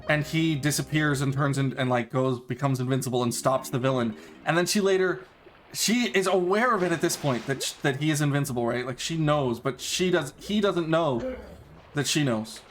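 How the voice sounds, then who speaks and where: A man's voice: fairly high pitch, moderate pace. Rambling man chatting mid-game. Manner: rambling, many fillers and restarts. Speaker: speedrunner streaming a game. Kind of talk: casual chat while gaming. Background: game music.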